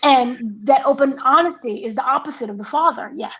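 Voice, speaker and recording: A woman's voice: sits high, fairly quick, a bit bright, husky. A woman co-hosting a casual TV review chat, talking it through and acting out lines from the show. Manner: conversational, acts out quotes from the show. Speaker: entertainment editor, co-host. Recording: dull lo-fi audio.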